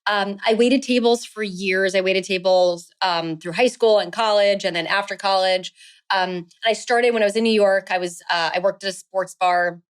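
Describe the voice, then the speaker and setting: A woman's voice: medium pitch, steady tone, moderate pace, clean tone. An actress in her thirties chatting as a guest in an interview, filling her speech with "um" and "like.". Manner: chatty, many fillers like "um" and "like". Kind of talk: casual interview chat.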